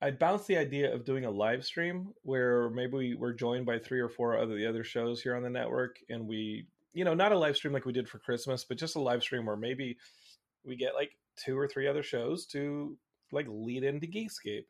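Male podcast host, rambling, animated, casual chat. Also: medium pitch, moderate pace. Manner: rambling, animated storytelling, reads out viewer comments.

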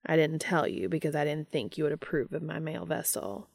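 A woman voicing a literal-minded male angel who talks in a flat, formal, deadpan way, in a fan fiction audiobook reading. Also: deep voice, a little fast, creaky, no echo, studio quality, exaggerated voice.

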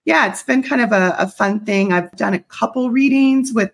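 A woman's voice: a little high, normal speed, creaky. A middle-aged woman from the American South with only a faint Southern accent, chatting as a guest in an interview, upbeat and full of fillers. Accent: slight Southern US. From US South (South Carolina). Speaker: guest, company CEO. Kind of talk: casual interview talk.

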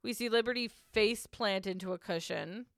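A woman's voice: medium pitch, moderate pace, no echo, clean studio sound. A woman co-hosting a podcast, recapping a reality show in a casual, blunt, chatty way and laughing often. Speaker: podcast co-host.

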